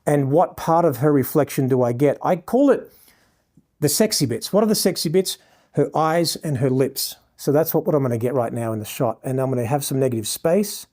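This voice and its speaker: An Australian man leads a photography lesson while shooting, his voice sitting slightly high with a soft, mellow tone. He heaps praise on his model between shots. He breaks down settings and choices step by step for the viewers. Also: expressive, fairly quick. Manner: effusive, showering the model with praise. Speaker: photographer teaching a lighting lesson. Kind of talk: live instruction while shooting a portrait session.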